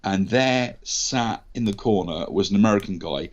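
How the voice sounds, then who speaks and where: An English man with a lowish voice tells a story candidly and with energy, the odd swear word thrown in. The sound is dull and lo-fi, as if from a call. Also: moderate pace. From England. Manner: candid, animated anecdotes with mild swearing. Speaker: actor guest. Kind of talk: casual storytelling interview.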